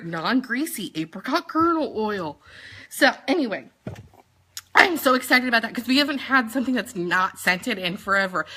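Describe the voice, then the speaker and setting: A woman, chatting casually through a product rundown with quick jokes and asides. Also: mid-range voice, pushed and bright. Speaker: sales consultant presenting products.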